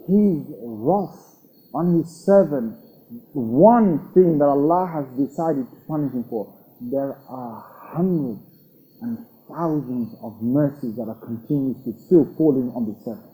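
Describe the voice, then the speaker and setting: A man giving a religious lecture to a class, animated, acting out little scenes and asking his listeners questions. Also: a little high, poor audio. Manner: animated, acts out quoted voices, questions the audience. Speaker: Islamic teacher.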